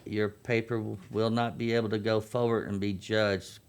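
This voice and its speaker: A man's voice: fairly low pitch, flat delivery, moderate pace, clear, resonant tone. A man, a guest on a radio show, earnestly explaining contest rules and repeating key points. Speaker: veterans post youth program chairman.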